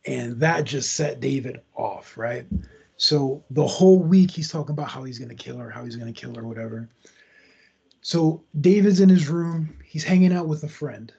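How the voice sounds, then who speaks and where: A man's voice: mid-range voice, moderate pace, creaky, dark tone, slightly rough, dull audio. A man hosting a podcast, casually retelling a true crime story in a loose, conversational way with asides. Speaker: podcast host.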